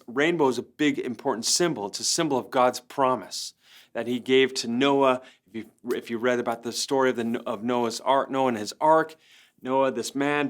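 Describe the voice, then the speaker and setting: A middle-aged man, a pastor, telling an earnest personal story with lively swings from excited highs to soft, low moments. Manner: earnest storytelling, voice rising when excited and dropping low for quiet lines. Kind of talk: personal testimony talk.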